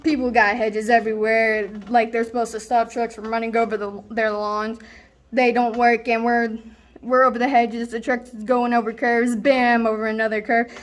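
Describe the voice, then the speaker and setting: A woman's voice: a little high, little pitch movement, normal speed, close to an everyday voice. A young woman performing a stage monologue as a rambling, boastful slacker student who tells a wild story with lots of fillers. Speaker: student actor. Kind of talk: stage monologue, self-recorded.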